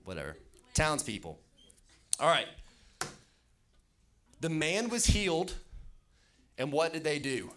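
A man preaching a casual sermon, talking in an animated way with lots of fillers. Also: medium pitch, unhurried, pauses often, a little hiss or hum. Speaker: youth pastor. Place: church hall with an audience.

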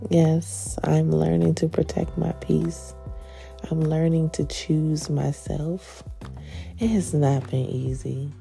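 A woman's voice: sits low, fairly even intonation, slow, creaky, warm tone, faint music behind. A laid-back woman hosting a podcast in casual chat, sounding stuffy and nasal from phlegm and laughing often. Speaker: podcast host.

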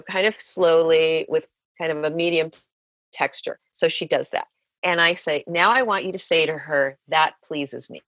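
Low-voiced woman recounting a client case. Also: a bit bright, no echo, low-quality recording. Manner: recounts a client session, acting out both sides of the dialogue. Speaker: sex therapist. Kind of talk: storytelling in an interview.

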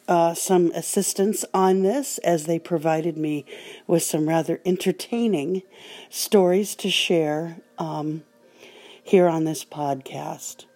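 Slow-talking wry older woman podcaster. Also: on the low side, a little mellow. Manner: wry, dry humor. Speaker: podcast host. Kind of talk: casual podcast storytelling.

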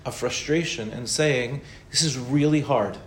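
Speaking a little slowly in a medium pitch, a male rabbi takes questions during an informal Torah lesson. His manner is conversational and peppered with Hebrew and Yiddish expressions, and the audio has a roomy echo with faint noise.

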